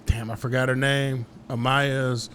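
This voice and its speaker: A man's voice: medium pitch, flat delivery, a little slow, a bit bright, slight background noise. A man co-hosting a podcast in casual chat, laid-back and agreeable, laughing often. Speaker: podcast co-host.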